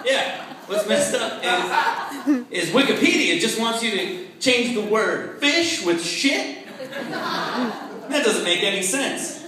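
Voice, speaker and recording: A man doing a stand-up comedy set, deadpan with laughing asides, on a club stage. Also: very high-pitched, takes it slowly, background noise. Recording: echoey club with crowd laughter. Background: audience laughing.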